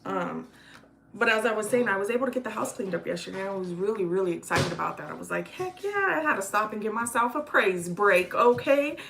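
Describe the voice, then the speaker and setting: A chatty woman in her forties talks straight to the camera as she cooks at home. Her voice is bright and forward, at a middle pitch, with a faint hiss of room noise behind her. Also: fast talker, gravelly. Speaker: vlogger. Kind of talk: casual cooking vlog chat. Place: home kitchen.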